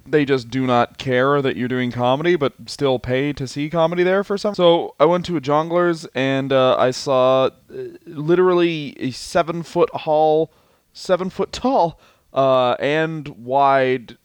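A man's voice: medium pitch, a little slow, smooth, no echo. A man co-hosting a comedy podcast, telling rambling stories with lots of fillers and frequent laughter. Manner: rambling storyteller, laughs often, many fillers. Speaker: podcast co-host. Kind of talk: casual comedic chat.

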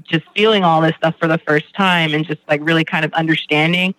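A man's voice: on the high side, steady tone, fairly quick, sharp tone, no room sound, poor audio. A man speaking candidly and at length in a conversation about his recovery, rambling and swearing now and then. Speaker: guest in recovery.

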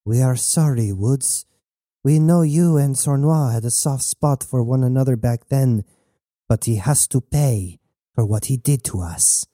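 A man's voice: medium pitch, unhurried, dark tone, no room sound, natural voice. A man voicing a grieving, resolute woman in an audiobook, firm and controlled, recorded close and dry. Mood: grim. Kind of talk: audiobook narration.

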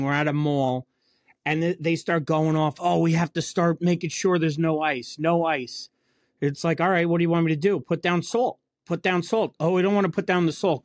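A man's voice: on the high side, no room sound, studio quality. A man in casual, profane chat, telling blue-collar work stories.

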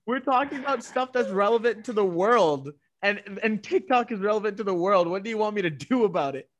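A man's voice: sits high, lively intonation, a little fast. A man co-hosting a podcast, rambling and playful in casual chat, defending himself with a laugh. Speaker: podcast co-host.

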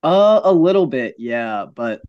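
A young man co-hosting a high school sports podcast, talking baseball in a plain, matter-of-fact way. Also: very animated, a little slow, dry recording, lo-fi sound. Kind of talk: casual sports chat.

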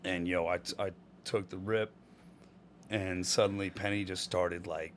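A man's voice: deep voice, fairly even intonation, a little slow, a little hiss or hum. A man, a stand-up comedian telling stories in a casual podcast chat, laid-back and full of slang, laughing often. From Rhode Island.

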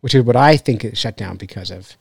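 A man's voice: lowish voice, a little fast, vocal fry, slightly rough, no echo. A man hosting a fishing podcast, chatting casually in a joking, rambling way and laughing often. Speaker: podcast host. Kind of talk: casual chat.

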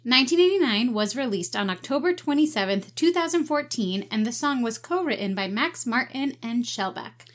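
A woman's voice: fairly high pitch, expressive, normal speed, hardly any pauses. Upbeat woman co-hosting a podcast. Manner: upbeat and enthusiastic. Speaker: podcast co-host. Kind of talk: casual podcast chat.

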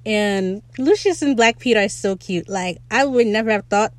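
A young woman hosting a casual solo podcast, chatty and excitable as she recaps a show. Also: mid-range voice, normal speed, no echo. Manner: chatty, excitable, quotes characters in playful voices. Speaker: podcast host.

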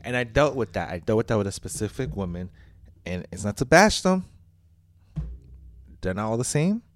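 A man's voice: lowish voice, very animated, moderate pace. A young adult man co-hosting a podcast in casual chat, ranting emphatically and cursing. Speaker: podcast co-host.

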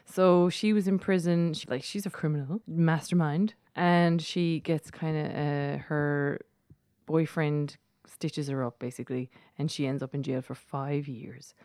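A woman's voice: low-pitched, fairly even intonation, measured pace, mellow, no room sound, clean studio sound. An Irish woman co-hosting a casual chat, reviewing a film with chatty, sarcastic asides. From Ireland. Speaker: co-host.

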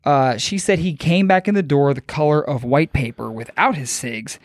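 A man with a slightly high voice telling a story on a casual podcast. His delivery is loose and profane, and he jokes as he goes. The recording sounds dry and close, with no room echo. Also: moderate pace. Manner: loose, profane, joking retelling. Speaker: podcast host.

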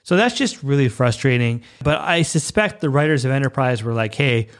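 A man's voice: medium pitch, lively intonation, fairly quick. A man giving casual fan commentary, ranting passionately and with exasperation.

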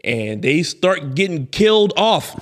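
A man's voice: on the high side, sing-song, slow, a bit bright. A man co-hosting a podcast, telling a movie story in casual chat, laughing and acting out quotes. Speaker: podcast co-host.

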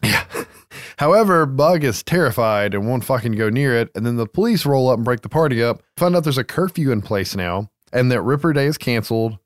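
A man's voice: medium pitch, animated, a little fast, dry recording, studio quality. A man co-hosting a casual movie recap, loose and profane, laughing easily. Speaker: podcast co-host.

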